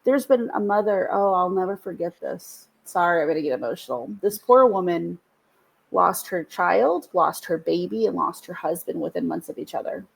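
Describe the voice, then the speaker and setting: A woman's voice: fairly low pitch, moderate pace, vocal fry, breathy edge, rough recording. A woman co-hosting a faith podcast, telling a personal story in an earnest, heartfelt way that rises with feeling. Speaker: podcast co-host. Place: podcast studio.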